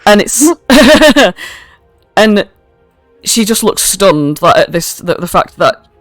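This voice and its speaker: A woman's voice: mid-range voice, very animated, slow, no echo, soft background music. A woman runs a tabletop game as game master, narrating casually with swearing and frequent fillers. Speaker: dungeon master.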